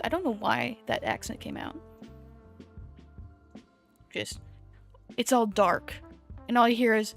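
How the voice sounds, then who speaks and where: A woman talks casually through a drawing stream, hopping from one tangent to the next and laughing at her own jokes. Her voice sits somewhat high. Quiet background music plays under her. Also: sing-song, slow, creaky, long pauses. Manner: rambling, self-amused, jumps between tangents. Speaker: VTuber streamer. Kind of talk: casual art-stream chat. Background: soft background music.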